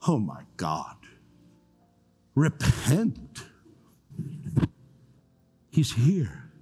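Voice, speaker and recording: A pastor preaching in a relaxed, conversational way, with joking asides, easing into prayer. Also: male voice, fairly high pitch, moderate pace, faint music behind. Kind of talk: sermon.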